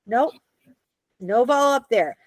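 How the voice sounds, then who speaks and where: A woman's voice: on the high side, animated, a little slow, dry recording. Upbeat American woman teaching a class. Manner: patient, checks understanding often. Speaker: Hebrew teacher.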